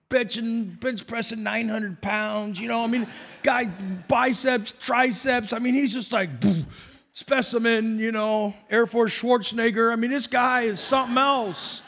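A male pastor preaching a sermon, telling stories in an animated way with repetitions and asides. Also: extremely high pitch, a little slow. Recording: long hall reverb.

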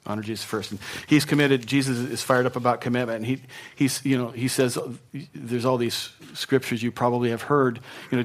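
A male pastor delivering a sermon in a relaxed, conversational manner. He stumbles over and repeats words and keeps checking in with the congregation. His voice sits at an ordinary middle pitch. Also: normal speed.

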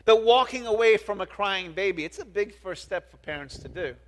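High-voiced pastor preaching in a reverberant hall. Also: male voice, expressive, fairly quick. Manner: earnest, often restarts words and asks the congregation questions. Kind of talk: sermon. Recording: long reverb of a large hall.

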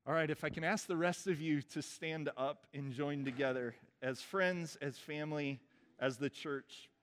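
A man as pastor, leading a baptism liturgy with relaxed, informal asides between the formal vows. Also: fairly high pitch, moderate pace. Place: church sanctuary. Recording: reverberant church hall.

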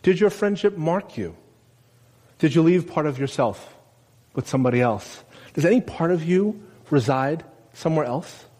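A man delivering a conversational sermon. He asks the congregation questions and acts out the quotes he reads. His voice sits a little high, and it rings with the long reverb of a big church hall. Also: expressive, normal speed, dark tone. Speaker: preacher. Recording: long reverb of a large room.

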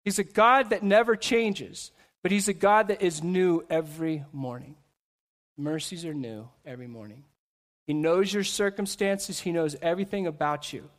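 A man preaching a sermon in church to a seated congregation, animated, acting out quoted voices and breaking into quick asides. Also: a little high. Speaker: pastor.

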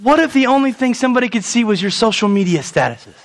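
A young male pastor delivering a sermon with a high, lively voice that swoops up and down. He fires off rhetorical questions and plays out the lines he quotes. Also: quick pace.

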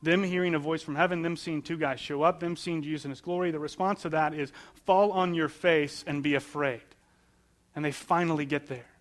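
A man's voice: on the high side, steady tone, fast talker, few pauses. A man preaching a sermon in a conversational way, asking questions and answering them, repeating phrases for emphasis. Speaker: pastor.

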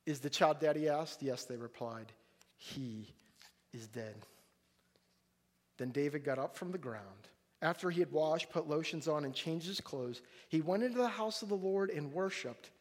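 A middle-aged male pastor preaching a sermon, animated and acting out the voices of people in the story. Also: on the high side, moderate pace. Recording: long hall reverb.

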